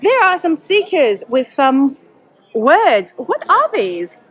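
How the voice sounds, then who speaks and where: A woman's voice: sits high, sing-song, takes it slowly. A woman interviewing people at a conference, asking curious, upbeat questions.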